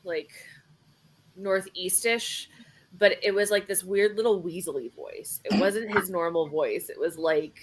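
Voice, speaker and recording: A woman's voice: medium pitch, unhurried, background noise. A woman co-hosting a podcast, making dry, wry remarks in casual chat. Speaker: podcast co-host.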